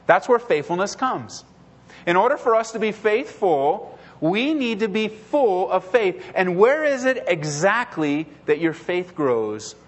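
A man with a high voice preaches to his congregation. He is earnest and drives points home by repeating phrases, slipping into the voices of people he quotes. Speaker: pastor. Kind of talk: sermon.

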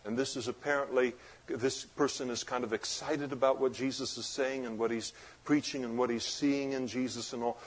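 A man preaching a sermon as pastor, moving between loud emphatic passages and low, quiet explanation.

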